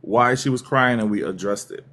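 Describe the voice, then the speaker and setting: A man calling into a live stream, calmly telling a personal story and patiently defending it. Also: on the low side, moderate pace. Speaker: caller.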